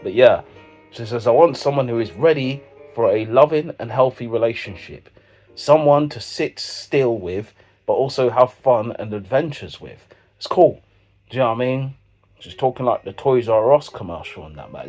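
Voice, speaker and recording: A man keeps up a loose, slangy comic commentary, forever checking in with his listener. His voice sits at an ordinary middle pitch. Soft music plays quietly underneath. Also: a little fast. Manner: rambling slangy delivery, constant "you know what I mean". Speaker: comedy vlogger reacting to dating profiles. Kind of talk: jokey commentary with sung snippets.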